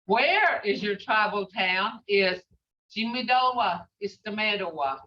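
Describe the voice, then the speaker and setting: A woman's voice: mid-range voice, lively intonation, a little slow, distant mic. A woman teaching a language class, patiently repeating phrases as she explains them. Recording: muffled, roomy, from off mic.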